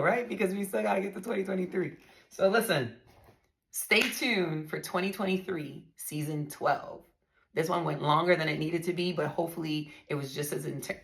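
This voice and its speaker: A woman's voice: low voice, creaky. A woman hosting a podcast, telling her own story in a blunt, emphatic way and speaking straight to her listeners. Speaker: podcast host. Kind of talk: candid storytelling monologue.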